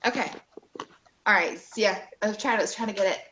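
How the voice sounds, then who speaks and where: A woman's voice: mid-range voice, quick pace, pushed and bright, a little hiss or hum. A woman co-hosting a live stream over a video call, chatting in a loose, upbeat way. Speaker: co-host. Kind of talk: casual live-stream chat.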